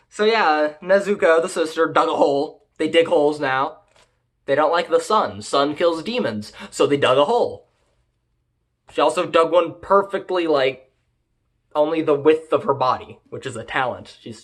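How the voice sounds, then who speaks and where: Rambling, profane casual anime reviewer. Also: medium pitch. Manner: rambling, profane, filler-heavy, deadpan jokes. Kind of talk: casual episode recap.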